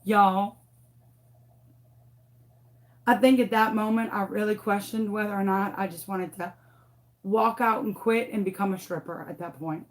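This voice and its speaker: A woman's voice: mid-range voice, measured pace, long pauses. A woman in her thirties, a former teacher telling a dramatic story casually during a craft tutorial. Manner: animated, dramatic, acts out what people said.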